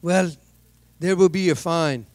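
A man voicing a stern, middle-aged male police officer who speaks slow, measured, broken English. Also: a little high, darkish tone, no room sound, close to an everyday voice.

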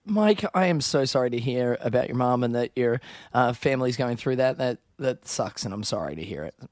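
A man's voice: mid-range voice, lively intonation, brisk, a little mellow, no echo, studio quality. An Australian man co-hosting a podcast, chatting casually over a video call and laughing at his own stories. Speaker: co-host.

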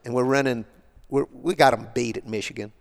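A gravelly older man telling long stories as an interview guest. He speaks in a rambling, colloquial style, with his voice pitched in a mid range. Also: fairly even intonation, brisk. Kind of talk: casual storytelling.

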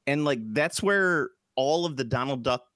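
A man's voice: on the high side, normal speed, a bit bright, clean tone, no echo, studio quality. A man co-hosting a casual tabletop gaming podcast, joking around and laughing often. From Polish family background. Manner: jokey, puts on silly accents, laughs often. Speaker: podcast co-host. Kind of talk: casual chat about tabletop games.

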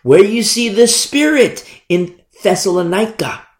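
A man preaching a Bible sermon in an animated way, acting out quoted voices and stumbling over words. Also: mid-range voice, moderate pace, reverberant.

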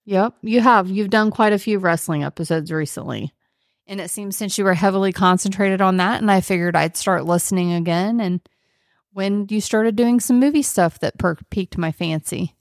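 A woman's voice: mid-range voice, moderate pace, dry recording, studio quality. A woman guesting on a casual podcast, wry and defensive, laughing often. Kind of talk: casual chat.

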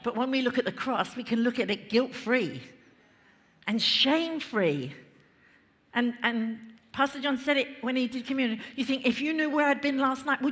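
A woman pastor preaching a lively, conversational sermon in a church, laughing and chatting between points. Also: a little high. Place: large church hall. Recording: reverberant church hall.

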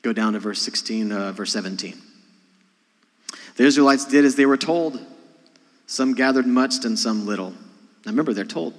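A man preaching a sermon, talking to his congregation in a conversational way, rising to loud emphasis and dropping to quiet asides. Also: medium pitch, moderate pace, long pauses. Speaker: pastor. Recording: long hall reverb.

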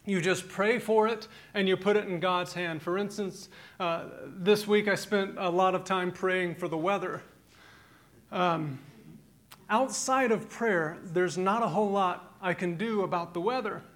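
A man in his thirties delivers a sermon in a notably high voice. He talks with animation, swinging from quiet, low asides to loud, emphatic peaks. He also weaves in humorous stories from family life. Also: steady tone, unhurried. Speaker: pastor.

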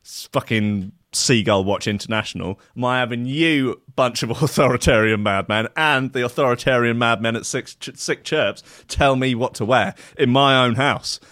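A man's voice: medium pitch, moderate pace, hardly any pauses, fairly bright tone, no echo, clean studio sound. A man hosting a show, reading odd news with sardonic, mock-outraged asides and lots of filler. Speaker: host. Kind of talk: comic news-reading riff.

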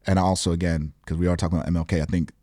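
Pastor co-host, man, low voice, dry close sound, thoughtful and reflective. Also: flat delivery, rapid-fire, warm tone, no room sound. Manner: reflective, thoughtful, speaks in abstract terms. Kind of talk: casual Bible discussion.

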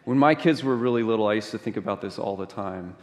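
A middle-aged man preaching a sermon in a conversational, animated storytelling way, full of rhetorical questions. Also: lowish voice, quick pace, a little hiss or hum. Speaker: pastor. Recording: long reverb of a large hall.

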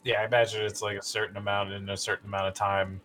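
Man, lowish voice, podcast co-host, lays out details point by point. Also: little pitch movement, fast, a bit bright, faint music behind. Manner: explanatory, laying out details step by step. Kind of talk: casual chat.

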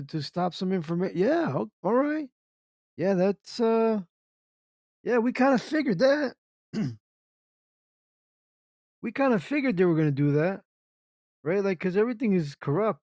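His voice sits high but has a darkish tone, captured as clean studio sound with no room echo. Hosting an internet radio show, he rants through casual live commentary, reacting to chat, repeating points, and tossing out rhetorical questions.

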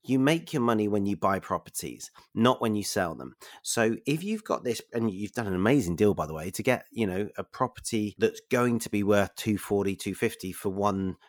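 A man's voice: on the low side, animated, normal speed, hardly any pauses, no room sound, clean studio sound. A man hosting a casual interview, enthusiastic and effusive, repeating his praise. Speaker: podcast host.

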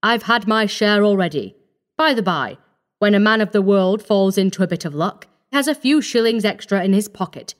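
A woman voicing a cold, scheming young male doctor in a storybook reading, speaking calmly and firmly. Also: mid-range voice, normal speed, lightly acted. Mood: coaxing. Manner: calm, coaxing, firm.

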